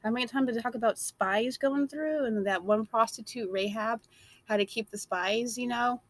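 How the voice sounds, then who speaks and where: A woman's voice: on the high side, moderate pace, dry recording. A woman delivering a blunt, emphatic opinion monologue.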